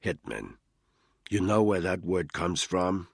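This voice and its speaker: A man voicing a cool, aloof male intelligence handler in an audiobook, measured and curt with a lecturing tone and a husky voice. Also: low voice, very animated, no room sound, studio quality, exaggerated voice.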